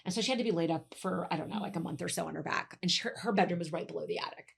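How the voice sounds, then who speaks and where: A woman's voice: on the low side, very fast, gravelly, husky. A young adult woman, a podcast guest, animatedly telling a spooky story in casual chat. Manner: animated, acts out the voices in her stories.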